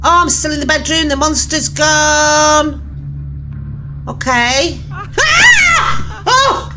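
A woman's voice: high-pitched, fairly even intonation, takes it slowly, noisy background. A woman hosting a horror game playthrough, talking to herself in jumpy let's-play commentary, often screaming, swearing and laughing nervously. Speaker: channel host playing a horror game.

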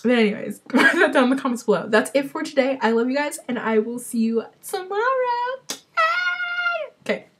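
Young woman, higher voice, bubbly, cheeky daily vlogger. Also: fast, hardly any pauses, a bit bright. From Portland, Oregon, US. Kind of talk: casual chat.

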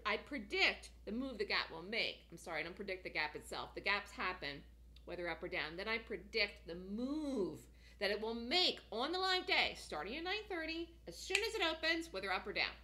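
Woman trading coach, fast excited explainer, bright voice that jumps all over. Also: mid-range voice, a little hiss or hum. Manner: excited, emphatic, repeats herself. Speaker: trading instructor. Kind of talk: screen-share trading lesson.

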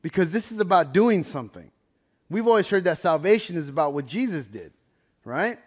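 A man's voice: high-pitched, a little fast, breathy edge. A man leading a Bible study, telling stories in a casual, conversational sermon style and often checking in with "right?". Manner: conversational, keeps asking "right?"; animated, swings loud and soft.

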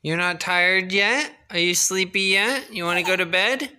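A father in a casual home video, gently coaxing his baby to talk with sing-song questions. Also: high voice, normal speed, slight background noise.

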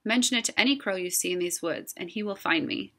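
A woman's voice: medium pitch, fast talker, a bit bright. A woman voicing a young, frightened male crow in a storybook reading, sounding anxious and a little sheepish. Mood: grateful.

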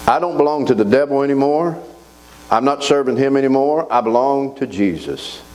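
A man preaching a sermon in a church, folksy and animated, asking the congregation to answer back. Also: mid-range voice, normal speed, slight background noise, poor audio. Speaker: pastor. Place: church sanctuary.

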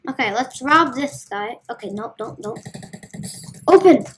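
A woman's voice: on the high side, normal speed, pushed and bright, slight background noise. A woman giving casual, playful commentary as she plays a video game, talking to herself as she goes. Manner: chatty, playful, talks to herself while playing. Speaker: gaming video host.

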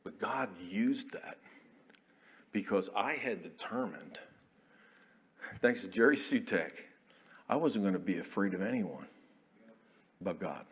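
A man, an Army chaplain preaching a folksy, storytelling sermon in a church, dropping to quiet asides and rising to loud declarations. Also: lowish voice, lively intonation, unhurried, pauses often. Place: church sanctuary.

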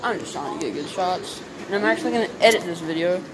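A man's voice: high-pitched, fast talker. A young man with a light Southern US accent, rambling through a casual home vlog on a handheld camera, full of "like" fillers. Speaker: vlogger. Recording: noisy home video.

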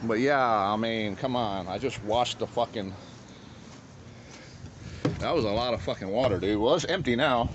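A man's voice: medium pitch, normal speed, long pauses. A man vlogging outdoors with a handheld phone, swearing a lot and boasting in a slangy, casual way. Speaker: vlogger showing storm damage at home. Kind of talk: casual profane vlog. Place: outdoors at a house yard and street. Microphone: handheld phone camera. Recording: lo-fi phone audio with outdoor noise.

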